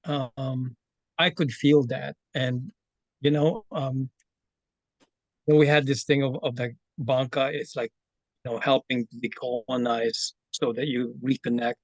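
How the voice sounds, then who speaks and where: A man from the Philippines with a Filipino accent, sharing a personal story in an online session, earnest and halting with many fillers and restarts. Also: medium pitch, steady tone, dry recording, highs cut off. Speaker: community member sharing his story. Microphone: video call.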